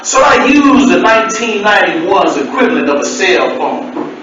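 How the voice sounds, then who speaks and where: A man in his fifties telling comic stories live on stage, animated and swooping between deep and shouted lines. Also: normal speed, slight background noise. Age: 50s. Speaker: storyteller. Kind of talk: live storytelling performance. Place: storytelling event hall. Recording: echoey hall from far off, dull.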